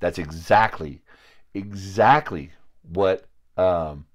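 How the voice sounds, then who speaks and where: Blunt low-voiced man preaching. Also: slow pace. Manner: blunt, confrontational, crude at times, rambling with restarts. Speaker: lay preacher. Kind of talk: informal preaching to a small group.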